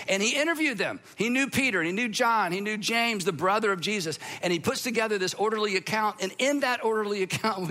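A man preaching a sermon, his voice sitting high and ringing bright. He talks to the audience in a lively, conversational way, with quick asides and direct questions. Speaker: pastor.

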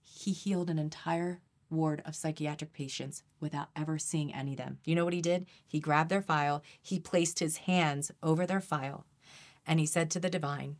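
A woman with a low voice speaks as a podcast guest about energy healing. She talks earnestly and with energy, repeats herself, and softens to a hushed tone when she recites prayers. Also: fairly even intonation, normal speed. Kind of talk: conversational interview.

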